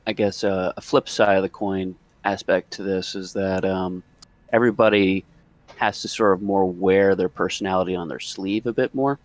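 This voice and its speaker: A man in a casual group chat, thoughtful and measured. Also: low voice, fairly even intonation, dry recording.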